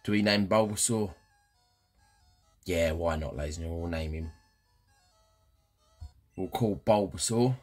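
A man's voice: sits low, unhurried, long pauses, faint music behind. A man giving cheeky, chatty commentary over a video game playthrough, often addressing viewers. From England. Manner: cheeky, banter-heavy, keeps addressing viewers. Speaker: gaming channel host. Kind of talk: casual let's-play commentary.

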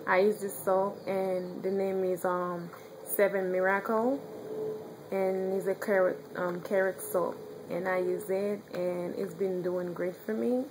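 A young woman with a strong Haitian accent, chatting casually in a home video, now and then pausing to search for words. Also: medium pitch, level tone, noisy background. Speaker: vlogger. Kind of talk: casual chat.

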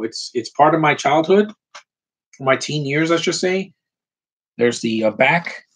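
Husky-voiced man ranting through his collection. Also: medium pitch. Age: 30s. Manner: opinionated, frequent mild swearing, rambling asides. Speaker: collector showing his items. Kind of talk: casual ranting vlog.

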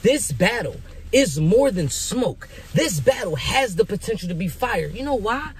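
Husky, hyped young man with lively pitch. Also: measured pace. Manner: animated, emphatic and rhetorical, with frequent repeats. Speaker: vlogger making predictions. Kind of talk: casual hyped commentary.

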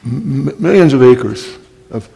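Older guy telling wry stories at a library talk, raspy, lots of throat clearing, echoey hall. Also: medium pitch, expressive, slow pace, mellow. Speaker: guest speaker. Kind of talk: storytelling talk. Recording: long hall reverb.

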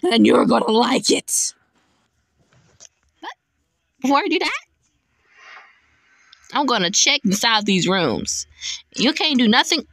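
A woman commentating her own gameplay, excitable, often yelling and laughing at the game. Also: fairly high pitch, takes it slowly, vocal fry, long pauses, no room sound. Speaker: gamer. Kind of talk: let's-play gameplay commentary.

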